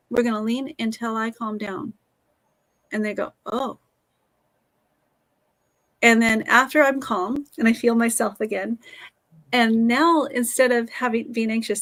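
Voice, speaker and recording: A woman's voice: fairly high pitch, gravelly, fairly bright tone. Earnest woman telling a classroom story. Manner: earnest, reflective, with restarts. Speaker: guest, author and teacher.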